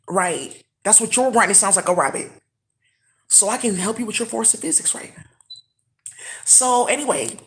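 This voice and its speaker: A woman giving a rambling, profane monologue with sudden loud exclamations. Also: mid-range voice.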